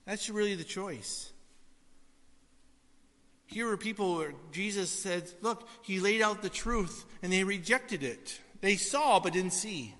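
A male pastor, preaching a sermon in a relaxed, storytelling way with asides to the congregation. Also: high-pitched, slow. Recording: long hall reverb.

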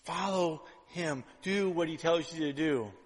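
Man, pastor, sermon, slightly high voice, loud-to-hushed swings, long hall reverb. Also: measured pace, slightly rough. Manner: conversational preaching full of "right?" asides.

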